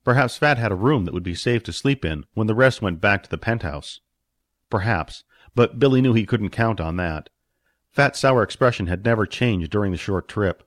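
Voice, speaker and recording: A man's voice: fairly low pitch, brisk, no echo, clean studio sound. A man narrating a fantasy story expressively, voicing its characters. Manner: expressive, puts on character voices. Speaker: audiobook narrator.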